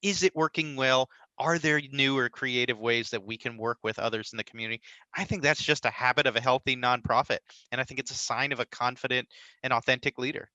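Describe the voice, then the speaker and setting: A man's voice: medium pitch, fairly even intonation, a little fast, pushed and bright, dry recording, muffled recording. A man explaining nonprofit mergers as an interview guest, confident and explanatory, often checking in with a rhetorical "right?". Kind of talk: conversational interview answers.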